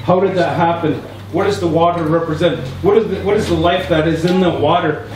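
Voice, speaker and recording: A middle-aged chief from the Tsleil-Waututh Nation in British Columbia, Canada, addresses a gathering with earnest stories full of repetition, his voice fairly high and brisk. The recording comes from an echoey hall with a distant mic, and the audience can be heard.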